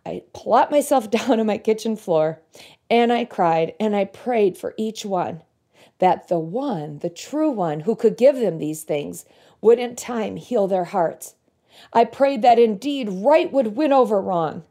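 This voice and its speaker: An earnest woman shares a reflective devotional message in a mellow, warm-toned voice. She reads song lyrics slowly and thoughtfully, pausing on the words, with a middle-range pitch. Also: lively intonation. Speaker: Christian speaker.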